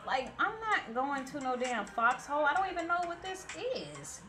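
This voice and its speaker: Telling her viewers a story with blunt, profane chattiness, the woman sounds high and bright, her tone forceful and her pitch swinging widely at a normal speed. She's a Bay Area vlogger in her thirties, with faint music in the background.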